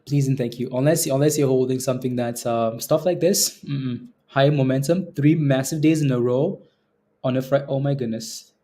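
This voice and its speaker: A man's voice: mid-range voice, steady tone, normal speed, warm tone. A man hosting a live stock trading stream, chatting casually with viewers and chuckling often as he comments on the market. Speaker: stock trading livestream host.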